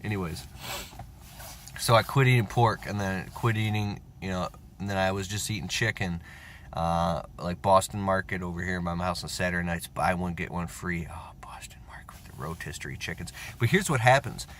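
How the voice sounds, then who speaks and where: A man in his thirties talking casually in a profane, rambling, animated monologue, with whispered asides. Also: sits low, normal speed, slight background noise. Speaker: self-help vlogger.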